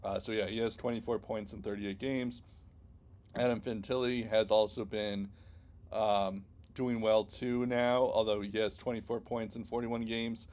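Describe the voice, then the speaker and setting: A man's voice: fairly low pitch, little pitch movement, moderate pace, a little mellow. A man co-hosting a casual sports podcast, rambling with many ums and restarts. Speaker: podcast co-host.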